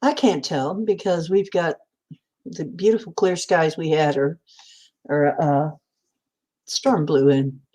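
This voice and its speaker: Slow, low-voiced woman rambling. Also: a little mellow. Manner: meandering, chatty, many fillers. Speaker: host. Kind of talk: rambling casual chat.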